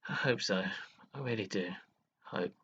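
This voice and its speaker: A man's voice: lowish voice, moderate pace, fairly bright tone, breathy edge, dull audio. A man vlogging to his viewers in an earnest, dramatic way, scolding and praising by turns. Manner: dramatic, scolding and earnest, with sudden laughs and sighs. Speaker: live streamer. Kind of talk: emotional monologue vlog.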